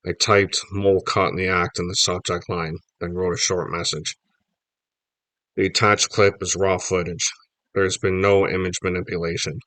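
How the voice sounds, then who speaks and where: Deep-voiced man reading a children's book. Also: no echo. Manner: lively first-person storytelling. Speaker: audiobook reader. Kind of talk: reading a children's novel aloud.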